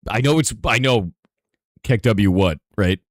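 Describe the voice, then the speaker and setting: A hoarse man streaming live, answering chat in a rambling casual way with lots of "right?" asides. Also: fairly low pitch, animated, a little slow, no echo, clean studio sound. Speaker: streamer and game developer.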